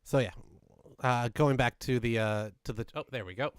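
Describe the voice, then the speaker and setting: Smooth-voiced, measured male co-host. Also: medium pitch, no room sound, studio quality. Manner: even-keeled and measured, takes the calls. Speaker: co-host of a call-in hockey post-game show. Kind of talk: casual chat.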